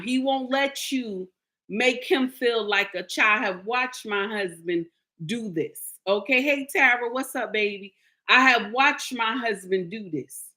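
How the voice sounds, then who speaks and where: A woman vlogging casual commentary, telling stories in an animated, emphatic way. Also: on the high side.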